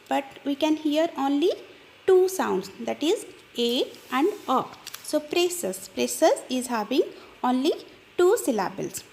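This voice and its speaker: A woman's voice: high voice, vocal fry, darkish tone. A woman teacher giving a grammar lesson to children, spelling words out letter by letter and explaining each step.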